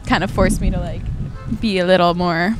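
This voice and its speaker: A woman's voice: lowish voice, steady tone, normal speed, background noise. A young woman in her twenties, a podcast guest chatting casually, who giggles and acts out the people in her stories. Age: 20s. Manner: giggly storyteller, acts out quotes. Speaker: guest, host's sister. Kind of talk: casual chat.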